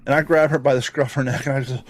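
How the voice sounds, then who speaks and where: A man hosting a podcast, telling a rambling, profane story in an animated, casual way. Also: medium pitch, racing, no room sound. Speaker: podcast host.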